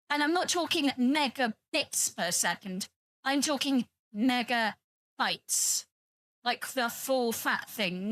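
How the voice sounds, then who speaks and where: A woman's voice: a little high, fairly bright tone, no room sound. A British woman streaming, chatting casually and rambling to her viewers, teasing them and swearing freely. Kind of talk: casual livestream chat with viewers.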